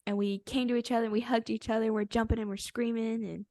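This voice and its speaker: A young woman tells a story on a podcast in a bubbly, animated way, laughing as she goes. Her voice has a gravelly fry and a mid pitch. The sound is close and dry. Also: a little fast, hardly any pauses, no echo. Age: young adult. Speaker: podcast co-host. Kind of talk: casual storytelling chat.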